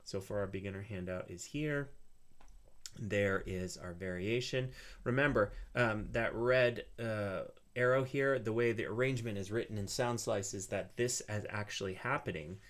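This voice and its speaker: A man teaching an online ukulele lesson, explaining in a relaxed way with frequent fillers. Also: on the low side, normal speed.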